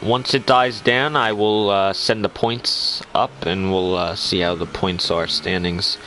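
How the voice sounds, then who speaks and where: A fairly low-pitched man gives loose, chatty commentary on an online race, teasing the drivers and laughing easily. A faint hiss of background noise sits under his voice. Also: steady tone, a little slow, bright, forceful tone, rough recording. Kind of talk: casual live sim racing commentary.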